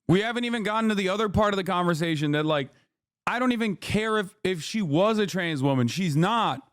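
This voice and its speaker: Profane ranting streamer man, high voice. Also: lively intonation, brisk, clean tone, no room sound, studio quality. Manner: profane, shouting, mocking. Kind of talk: heated reaction rant.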